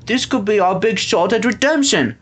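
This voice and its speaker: A man voicing an eager, good-hearted henchman in an audiobook, speaking excitedly. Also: sits high, moderate pace, a little hiss or hum, voice pushed up. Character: eager hopeful male henchman.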